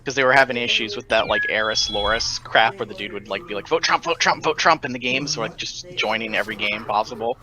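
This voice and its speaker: A man's voice: fairly low pitch, steady tone, fast talker, few pauses, a crowd in the background. A man chatting casually with friends on a voice call during an online game, joking and explaining how the game works. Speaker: gamer on a group voice call. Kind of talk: casual gaming chat.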